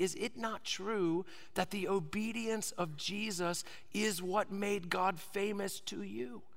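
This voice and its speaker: A man in his thirties preaching a sermon, swinging from loud emphasis down to soft whispers. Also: high-pitched, fairly even intonation, takes it slowly, vocal fry, hardly any pauses, in a large hall. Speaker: pastor.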